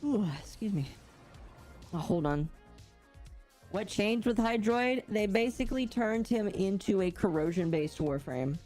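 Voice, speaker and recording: A woman's voice: medium pitch, expressive, a little slow, a little mellow, faint music behind. A woman streaming a game and chatting casually, reading and answering chat with playful puns.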